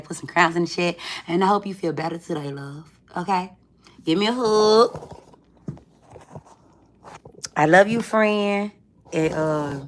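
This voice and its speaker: A woman giving a tarot reading in casual, chatty talk, swearing freely and calling the viewer friend. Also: deep voice. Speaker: tarot reader.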